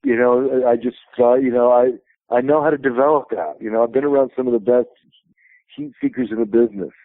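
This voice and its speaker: A man's voice: medium pitch, fairly even intonation, brisk, dry recording. Man telling stories over a phone line. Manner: rambling anecdotal storyteller. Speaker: wrestling promotion president, interview guest. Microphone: telephone.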